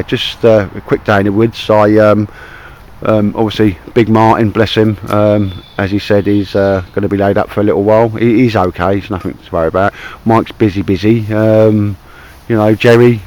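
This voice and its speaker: In a wet wood, a man speaks to camera as an outdoor vlogger, his Cockney-accented chatter rambling and friendly, with "mate" cropping up constantly as he addresses his mate. He has a lowish, slightly mellow voice with fairly even intonation and a normal speed. Audio quality is poor.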